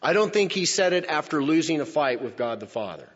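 A male pastor preaching a sermon, slow and emphatic, swinging from loud declarations to hushed near-whispers. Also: on the high side, very animated. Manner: slow, emphatic phrasing with pauses. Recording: lo-fi with long hall reverb.

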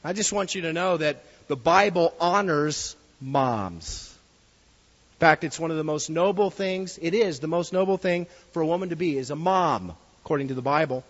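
Guy preaching a sermon, kinda high voice, earnest, muffled recording. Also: lively intonation, normal speed, long reverb tail. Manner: earnest, reads a story aloud to the congregation.

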